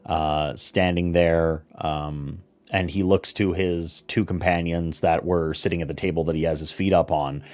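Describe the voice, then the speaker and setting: Deep-voiced man narrating a tabletop game. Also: a little slow, hardly any pauses. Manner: relaxed, many fillers and restarts. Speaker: game master.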